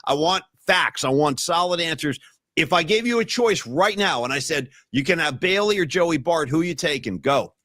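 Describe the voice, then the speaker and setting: A man's voice: fairly high pitch, normal speed, no echo. A man hosting a sports talk show in casual banter, telling stories and tossing in "dude" and "bro.". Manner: excitable storyteller, drops "dude" and "bro". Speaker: podcast host.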